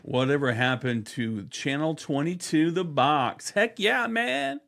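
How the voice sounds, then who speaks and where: Gravelly oklahoma guy in his 40s, slow draggy talk, cracks up a lot. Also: a little high, lively intonation, a bit bright. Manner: laughs often, rambling with fillers. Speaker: podcast co-host. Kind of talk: casual banter.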